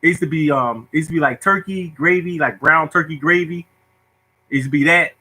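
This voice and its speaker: This storyteller host, a middle-aged man, shares a comic childhood memory with his viewers, laughing a lot and voicing the people in it. He sounds high-ish, brisk, pushed, and bright, though the audio is poor.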